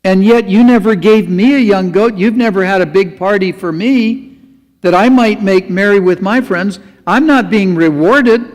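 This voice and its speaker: A man's voice: sits high, lively intonation, unhurried, darkish tone, big-room sound. A man voicing an angry, resentful older son, complaining in an aggrieved way.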